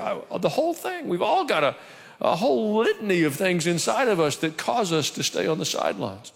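A man's voice: sits high, sing-song, a little fast, creaky. A male pastor preaching a sermon in church, conversational with humorous asides. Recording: reverberant church hall.

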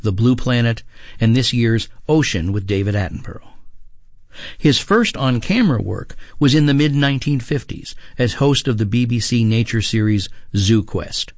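A man, a TV critic, reading a scripted radio review in a measured way. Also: medium pitch, no room sound, studio quality.

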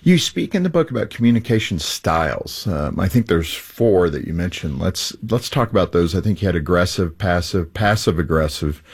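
Husky, lively man hosting. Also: low-pitched, normal speed, few pauses. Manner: animated, laughing, acts out everyday exchanges. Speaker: podcast host. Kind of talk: casual interview chat.

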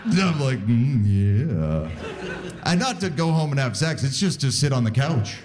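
Animated stand-up comic in his forties. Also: slow, pauses often. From Saskatoon, Canada. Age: 40s. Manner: animated, jumps into high squeaky voices for bits. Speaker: stand-up comedian. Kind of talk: stand-up comedy set. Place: live comedy venue with audience. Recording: live set with audible crowd noise.

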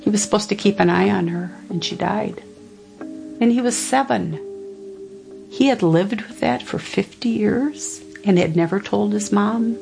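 A woman's voice: mid-range voice, a little slow, creaky, music in the background. A middle-aged woman, telling a personal family story in a reflective, conversational way. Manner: reflective, conversational, quotes others' words. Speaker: interviewee.

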